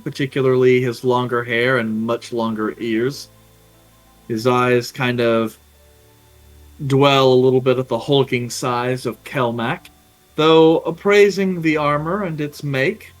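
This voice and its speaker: A man narrating a tabletop game as game master, in an unhurried way full of small fillers. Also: medium pitch, rough recording.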